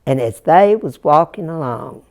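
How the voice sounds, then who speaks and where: A woman's voice: low voice, lively intonation, a little slow, warm tone. A woman telling a Jack tale as a folk storyteller, folksy and chuckling, speaking straight to her young listeners.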